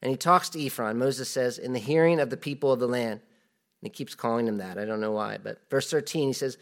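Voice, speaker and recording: A man teaching a Bible study in a relaxed, conversational way, with many fillers and asides, reading the verses aloud with more force. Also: mid-range voice, fairly quick.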